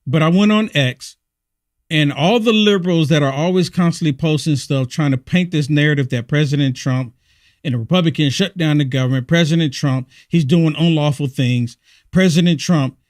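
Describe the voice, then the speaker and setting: A man's voice: fairly high pitch, moderate pace, no room sound, clean studio sound. A man hosting his own political commentary show, talking heatedly and repeating rhetorical questions. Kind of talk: opinion monologue.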